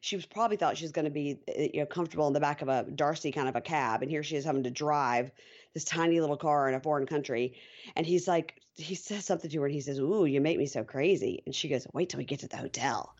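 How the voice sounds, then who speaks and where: A woman's voice: sits low, fast talker, muffled recording. A woman guest on a podcast, chatting playfully and retelling TV scenes with quoted voices. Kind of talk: casual TV recap chat.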